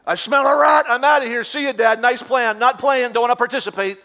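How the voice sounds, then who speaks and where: A preacher putting on a cheeky young runaway. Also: male voice, fairly even intonation, fairly quick, exaggerated voice. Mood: defiant joking. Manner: loud, high and jokey.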